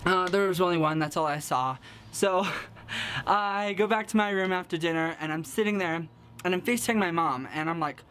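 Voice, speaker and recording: A young man from the American Midwest, excitable and giggly, telling a casual storytime vlog full of fillers. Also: sits high, moderate pace, a little hiss or hum. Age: young adult. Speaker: vlogger.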